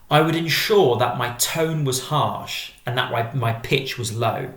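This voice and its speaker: A man giving a methodical, measured drama exam-prep lesson as a teacher. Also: mid-range voice, expressive, a bit bright, reverberant.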